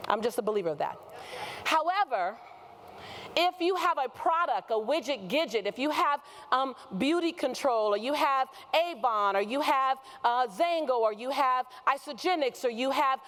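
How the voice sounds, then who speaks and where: A woman motivational speaker giving a keynote on stage, using call-and-response with the audience and shouting at the peaks. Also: fairly high pitch. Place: conference hall with a live audience.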